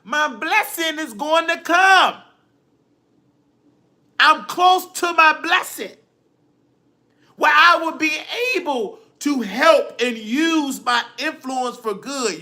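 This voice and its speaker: A man's voice: very high-pitched, expressive, slow pace, pauses often, pushed and bright. A man hosting a livestream, ranting dramatically and preachily, often crying and quoting scripture. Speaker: livestream host. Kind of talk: emotional livestream rant.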